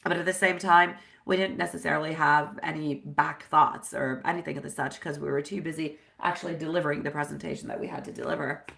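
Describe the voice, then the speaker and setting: Gravelly, bright-toned tarot reader woman. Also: deep voice, steady tone, fast talker, few pauses. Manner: chatty, affectionate, sprinkles Italian phrases. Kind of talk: live-stream tarot reading.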